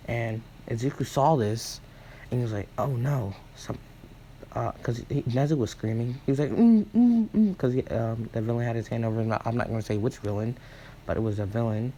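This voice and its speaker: A man improvising a fan story aloud, rambling with many fillers and self-corrections, and acting out characters' lines in quick asides. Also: mid-range voice, flat delivery, mellow, slight background noise, rough recording. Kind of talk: improvised fan-fiction retelling.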